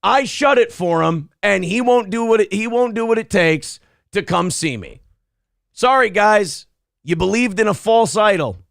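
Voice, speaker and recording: A man's voice: high voice, expressive, measured pace, gravelly, fairly bright tone, dry recording, studio quality. Brash combative male stream host. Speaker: show host. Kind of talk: live-stream chat reading.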